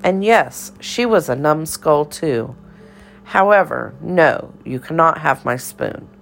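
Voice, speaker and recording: A woman's voice: low voice, animated, slow, creaky, faint music behind, heavily acted. A woman voicing an eccentric older cafeteria lady who speaks in riddles and scolds in a theatrical sing-song. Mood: haughty, cryptic.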